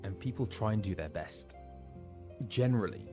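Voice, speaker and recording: A man's voice: fairly low pitch, animated, moderate pace, music in the background. A man, an actor streaming a game, chatting casually and thinking aloud with hesitations. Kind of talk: casual gaming commentary.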